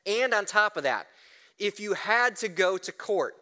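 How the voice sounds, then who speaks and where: A man preaching a sermon, animated, often asking "right?" and restarting words. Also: sits high, unhurried. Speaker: pastor.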